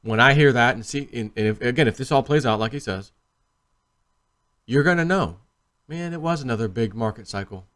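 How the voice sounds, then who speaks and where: A man talks casually to camera in a vlog, rambling and animated, acting out quotes as he tells stories. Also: medium pitch, a little fast. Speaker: crypto video host.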